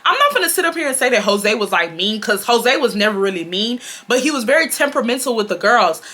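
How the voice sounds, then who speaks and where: A woman, telling a casual storytime in a chatty, filler-heavy, animated way. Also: a little high, fast. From Houston, Texas. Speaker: YouTuber.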